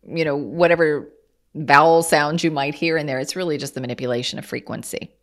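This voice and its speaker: Speaking a little fast in a low voice, this channeler from Kansas, USA, is a guest in a casual interview. She lays out her ideas earnestly, restarting slightly now and then.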